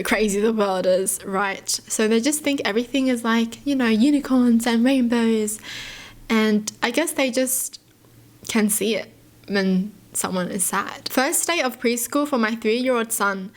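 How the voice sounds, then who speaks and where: A woman who is a YouTuber reads stories aloud and reacts to them in an emotive, sympathetic, chatty way, with gasps, sighs and lots of "you know". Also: medium pitch. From Australia.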